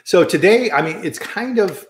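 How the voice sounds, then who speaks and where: A man's voice: high voice, expressive, normal speed. A man hosting a casual live-stream chat, upbeat and chatty, greeting viewers and his guest. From American Midwest. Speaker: livestream host. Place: home studio, Colorado. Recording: roomy echoey home room.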